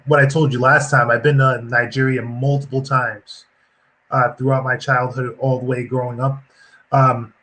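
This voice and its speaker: A man's voice: mid-range voice, fairly bright tone, rough recording. A man answering as a panel guest in a casual way, starting with false starts and ums before getting direct.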